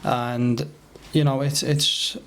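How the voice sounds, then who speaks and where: A man chatting casually on a podcast, relaxed and hesitant, with plenty of fillers. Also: mid-range voice, slow. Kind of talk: casual conversation.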